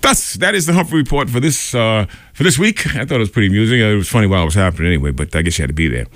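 A man's voice: on the low side, animated, very fast, a bit bright, no room sound. A man hosting a radio show, telling a rambling anecdote full of fillers and acting out the voices of the people in it. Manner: rambling, filler-heavy, acts out quoted voices. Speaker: radio host. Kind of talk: casual storytelling on radio.

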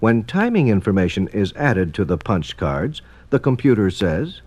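A man's voice: lowish voice, very animated, moderate pace, darkish tone, no echo. A man giving formal, explanatory scripted narration for a documentary.

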